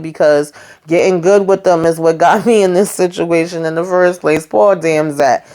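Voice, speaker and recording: A woman's voice: lowish voice, steady tone, normal speed, darkish tone. A woman hosting a casual TV recap, chatty and slangy, talking straight to her viewers and acting out the characters' lines as she goes. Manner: acts out characters' lines while retelling. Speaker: YouTube host.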